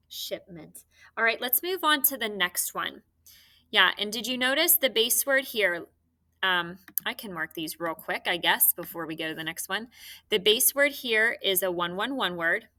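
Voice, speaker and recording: A woman teaching a phonics lesson to young children, speaking slowly and clearly and encouraging them. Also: mid-range voice, pushed and bright. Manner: slow, clear, encouraging teacher talk with drawn-out words.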